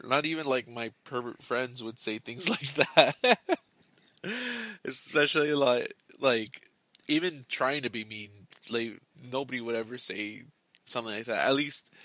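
A young man hosting a casual book club talk, rambling with lots of halting restarts and fillers, recorded on a close mic. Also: medium pitch, pushed and bright, dry recording.

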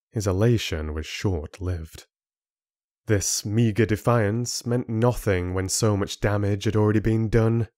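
A man narrating a fantasy audiobook in a measured, deliberate way. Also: lowish voice, darkish tone, no room sound, clean studio sound.

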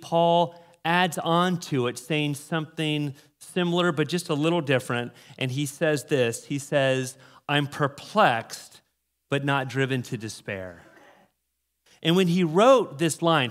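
A middle-aged male pastor delivering a conversational sermon with storytelling in a large church, his pitch and loudness swinging widely. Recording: long hall reverb in a sanctuary.

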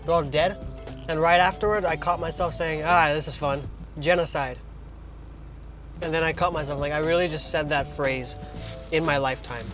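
Young guy, fairly high voice, rambly and jokey, phone-recorded in a parked car. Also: steady tone, normal speed, pauses often, music in the background. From Trinidad. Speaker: vlogger. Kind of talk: casual car vlog while eating.

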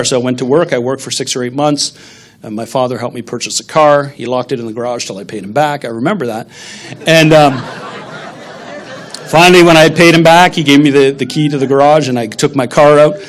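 A man's voice: on the high side, brisk. A middle-aged man, a pastor, preaching a sermon in a conversational, humorous storytelling manner.

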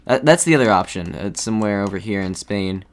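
A man's voice: lowish voice, animated, fairly quick. Man musing aloud over a game. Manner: muses aloud, hesitant, frequent restarts. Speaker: gaming video creator. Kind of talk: thinking-aloud game commentary.

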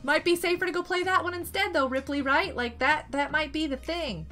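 A woman streaming a game, chatting casually and excitably, greeting and thanking her viewers. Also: sits high, fairly quick, loud music behind the voice. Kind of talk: casual live-stream chat while gaming.

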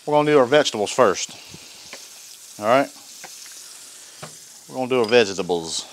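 A man's voice: medium pitch, expressive, normal speed, long pauses, a little hiss or hum. Folksy man, chatty cook. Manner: folksy, chatty, rambling asides. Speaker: cooking channel host. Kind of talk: casual cooking vlog.

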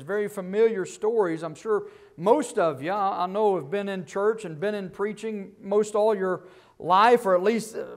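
A man preaching a Baptist sermon in a fairly high voice. He keeps asking his listeners rhetorical questions. He swings between loud bursts and quiet, low asides. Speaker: guest preacher.

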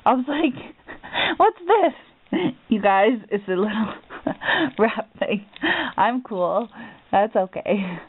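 A woman's voice: mid-range voice, lively intonation, slow, pauses often, breathy edge, dry recording. A woman craft vlogger opening a gift package, gushing with gasps and repeated exclamations. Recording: tinny phone-like audio.

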